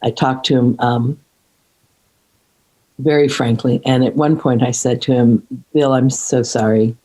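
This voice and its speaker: A middle-aged woman in a reflective conversation, speaking earnestly and haltingly, with many restarts and fillers. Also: a bass voice, fairly even intonation, warm tone, low-quality recording. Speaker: podcast guest.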